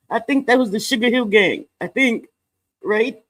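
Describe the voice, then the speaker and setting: High-voiced chatty male streamer. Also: animated, extremely slow, long pauses. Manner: chatty, laughs often, playful swearing. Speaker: livestream co-host. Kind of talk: casual livestream chat.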